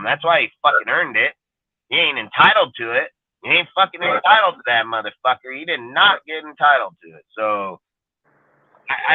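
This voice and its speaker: A co-host on a podcast vents in casual talk, blunt and full of swearing, leaning hard on "dude" and "like." His voice is mid-range and slightly rough. The recording is dry with a tinny phone-line quality.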